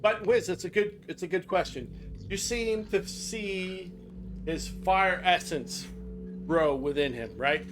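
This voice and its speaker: Older man game master, a bit high. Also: slow pace, music in the background. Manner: relaxed, rambling, chuckling. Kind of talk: running a tabletop game over voice chat. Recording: noisy voice-chat recording.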